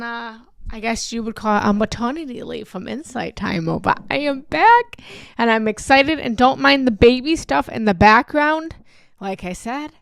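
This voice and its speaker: A woman's voice: on the high side, clear, resonant tone, no room sound, studio quality. A young woman hosting a live stream as a meditation teacher, gushing and effusive, repeating her greetings over and over. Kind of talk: live-stream chat and talk.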